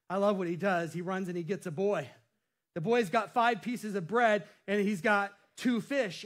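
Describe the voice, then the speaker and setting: High-pitched male pastor, playful and jokey from the pulpit. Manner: playful, jokes and laughs at himself. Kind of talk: sermon.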